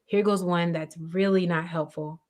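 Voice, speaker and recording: Speaking over a video call, a woman who works as a grief coach is being interviewed in a conversational way. Her voice is fairly low and fairly even in intonation, at a moderate pace. She comes across as emphatic and instructive, often checking in with the listener.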